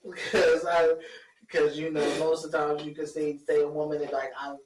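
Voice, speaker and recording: A man's voice: fairly high pitch, little pitch movement, normal speed. A man co-hosting a casual chat show, laughing as he tells stories and acts out what people say. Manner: laughing storyteller, acts out lines. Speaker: podcast co-host. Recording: echoey room from far off, faint noise.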